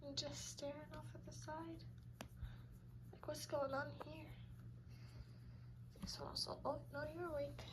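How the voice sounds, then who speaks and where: A woman with a high, light voice coos and babbles to a litter of kittens, often softening to a near whisper. A faint hiss of room noise sits under her. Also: flat delivery, measured pace, pauses often. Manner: cooing baby talk, soft and hushed at times. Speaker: cat breeder. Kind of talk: casual talk to kittens.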